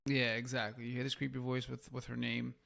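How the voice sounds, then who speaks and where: A man's voice: medium pitch, completely flat delivery, fairly quick, gravelly, a bit bright. A man co-hosting a podcast, recapping a show in a rambling, casual way with lots of fillers. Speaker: podcast co-host. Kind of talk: casual review chat.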